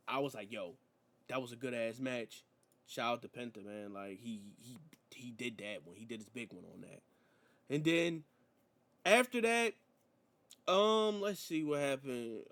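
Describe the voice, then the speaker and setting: A man's voice: mid-range voice, unhurried. A man reviewing a wrestling show in a slangy, rambling, casual chat. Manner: slangy, rambling, animated storytelling.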